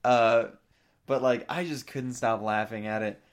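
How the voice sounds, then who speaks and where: Man, casual storytelling, animated, laughs through his lines, mid-pitched. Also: unhurried.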